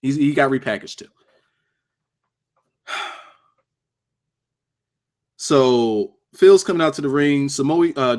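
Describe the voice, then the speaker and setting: A man hosting a casual livestream review of a wrestling show, cursing freely, laughing often and joking with his chat. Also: mid-range voice.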